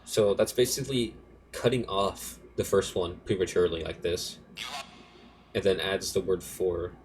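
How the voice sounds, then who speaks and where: Low-voiced man walking through a music project. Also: steady tone, normal speed, slight background noise. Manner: rambling, self-correcting, offhand. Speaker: music producer. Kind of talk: casual screen-recorded tutorial walkthrough.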